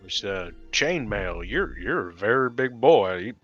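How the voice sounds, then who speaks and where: A man's voice: fairly low pitch, sing-song, a little slow, fairly bright tone, soft background music. A man playing his character in a tabletop game, speaking hesitantly and politely. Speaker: player. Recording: dull lo-fi mic.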